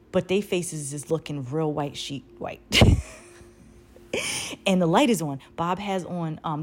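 Animated young woman telling a story. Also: lowish voice. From United States. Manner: animated, swearing, laughing through the telling. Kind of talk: casual storytelling.

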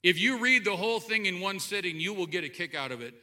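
Man, pastor, sermon, very bright tone, high-pitched, animated and dramatic. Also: fast talker. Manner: animated, jumps between loud outbursts and quiet asides. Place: church sanctuary.

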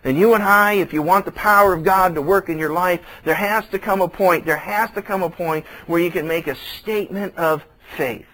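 Male pastor, high voice, animated sermon delivery, acts out quoted voices. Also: moderate pace, hardly any pauses, low-quality recording. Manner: repeats phrases for emphasis.

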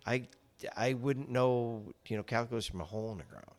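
A man's voice: medium pitch, brisk. A middle-aged man chatting casually as a podcast guest, rambling with many restarts and salty language. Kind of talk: casual chat.

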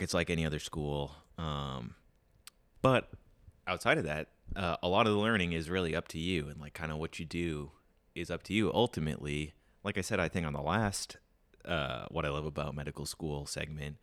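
A man's voice: very deep voice, normal speed, a bit bright, no room sound. A young man co-hosting a casual podcast, rambling and upbeat with lots of fillers, his voice tired and prone to cracking. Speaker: podcast co-host.

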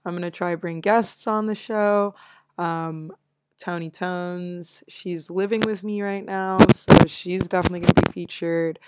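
A woman's voice: lowish voice, steady tone, measured pace, a little mellow, slight background noise. A young American woman hosting her own show, chatting casually and upbeat with frequent laughs. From United States. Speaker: podcast host. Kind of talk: casual solo chat.

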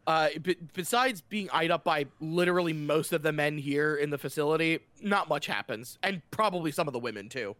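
A man's voice: on the high side, animated, a little fast, hardly any pauses, fairly bright tone. Chatty man running a tabletop game. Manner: chatty, loose, describes scenes with many fillers and restarts. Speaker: game master. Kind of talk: casual narration of a tabletop game.

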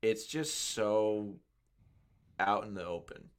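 A man co-hosting a podcast, talking casually and searching for words in halting, measured remarks. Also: lowish voice, expressive, clear, resonant tone. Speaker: podcast co-host.

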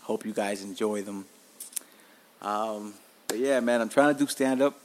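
A man's voice: lowish voice, unhurried, a little hiss or hum. Profane storytelling podcast host, a man. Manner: profane, animated, tells stories with acted-out quotes. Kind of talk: casual storytelling monologue.

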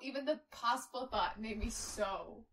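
A woman's voice: on the high side, normal speed, fairly bright tone. A woman co-hosting a podcast, chatting in an earnest way. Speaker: podcast co-host. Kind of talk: casual true-crime chat. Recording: voice a bit far from the mic.

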